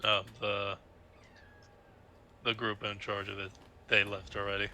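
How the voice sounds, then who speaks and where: A man playing in a tabletop game, speaking hesitantly with many pauses. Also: fairly low pitch, monotone, bright, forceful tone, slight background noise. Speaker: player.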